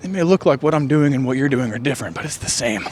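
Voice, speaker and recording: A man's voice: medium pitch, animated, darkish tone. A man on a run outdoors, musing and joking in a rambling, winded monologue with sighs. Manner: musing, jokey, drawn-out sighs. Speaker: vlogger. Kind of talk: rambling running vlog monologue. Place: outdoor trail in the rain. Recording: faint outdoor rain hiss.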